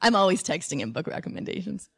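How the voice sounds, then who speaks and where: A woman host chatting casually, telling stories in a lively way and laughing as she talks. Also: on the low side, fast, vocal fry, breathy edge. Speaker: podcast host. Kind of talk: casual conversation before a live audience.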